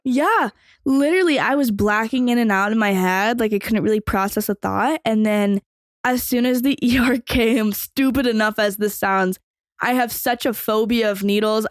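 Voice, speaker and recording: Speaking at a moderate pace in a fairly high voice, this young adult podcast host tells a long, meandering personal story full of fillers and offhand cursing. The recording is clean studio sound without echo.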